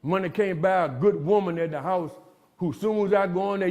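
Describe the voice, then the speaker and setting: This is a motivational recovery talk at a jail gathering, delivered by a middle-aged man whose voice is high-pitched and a little fast. He tells his story in street slang and finishes lines with "man."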